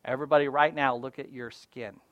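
A man preaching a sermon as a pastor, casual and conversational, often checking in with "right?" and moving between loud emphasis and quiet asides. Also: mid-range voice, fairly even intonation, fairly quick, no room sound, phone-quality sound.

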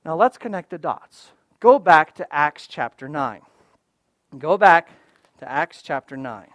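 A man preaching a sermon, emphatic and repeating key phrases, swinging between loud stresses and hushed asides. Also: a little high, lively intonation, a little slow, no echo.

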